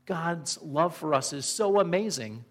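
Animated and a little slow, a pastor from Indiana with a fairly high-pitched voice preaches earnestly and emphatically. He keeps asking his listeners rhetorical questions.

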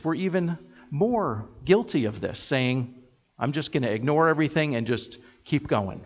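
A man preaching a sermon as pastor, earnest and steady, building his points through repeated phrases. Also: medium pitch, big-room sound, highs cut off. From United States. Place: church sanctuary.

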